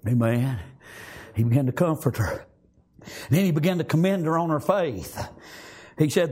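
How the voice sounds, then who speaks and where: A man's voice: a little high, moderate pace, pauses often, a little mellow, husky. A man preaching a sermon, fervent and full of repeated amens and praise Gods. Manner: fervent, repeats amen and praise God often.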